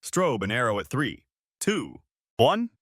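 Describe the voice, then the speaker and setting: A man voicing his excitable male accomplice in a storybook reading, a lively voice that is sometimes hushed and sometimes commanding, recorded dry. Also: medium pitch, slow, dry recording, full character voice. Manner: whispery, then commanding.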